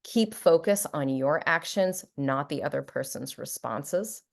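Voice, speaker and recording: A middle-aged woman psychologist giving a talk, playful and warm, often acting out example phrases in a lighter voice. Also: low-pitched, animated, a little slow, gravelly. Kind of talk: presentation to an audience.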